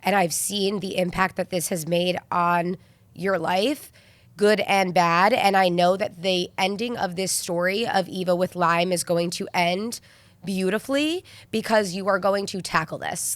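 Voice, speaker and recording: A woman's voice: on the low side, dry recording. A woman hosting an interview, speaking in an affectionate, effusive and encouraging way. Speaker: podcast host. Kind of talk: sit-down interview conversation.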